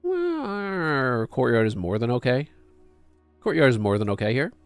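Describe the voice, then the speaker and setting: A man's voice: mid-range voice, very animated, a little slow, clear, resonant tone, dry recording, soft background music. A man streaming a game, chatting casually as he thinks aloud to himself and to his chat. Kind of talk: casual gameplay commentary.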